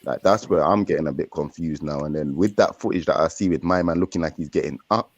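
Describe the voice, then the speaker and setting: Young london guy talking loose with heavy slang, real low voice, dry close sound. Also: fast talker, breathy edge, dry recording, dull audio. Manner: streetwise slang, loose and rambling. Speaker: podcast co-host. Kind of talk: casual chat.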